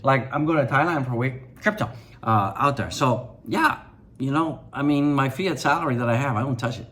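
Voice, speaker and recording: A man's voice: medium pitch, expressive, moderate pace, fairly bright tone. A man hosting a crypto channel from his apartment, giving casual market commentary in a rambling, slangy way, full of fillers and repeats.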